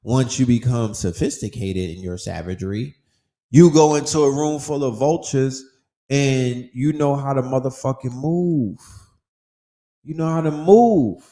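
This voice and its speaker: A man's voice: mid-range voice, a little slow, warm tone, reverberant. A man hosting a podcast, giving a casual motivational monologue in an emphatic, preachy way, with heavy slang and profanity and phrases repeated for effect. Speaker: podcast host.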